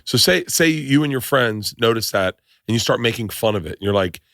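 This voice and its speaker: A man hosting a podcast, chatting loosely and rambling, with a middle-pitched voice. He slips into the voices of people in his stories. The recording is dry and close. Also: expressive, a little fast, a bit bright, no echo. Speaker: podcast host. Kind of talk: casual podcast chat.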